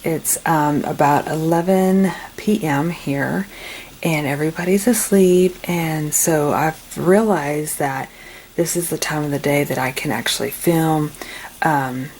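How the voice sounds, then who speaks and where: A woman hosting a craft channel, talking casually through a tutorial at home late at night in a low-key, quiet monotone. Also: measured pace, slight background noise.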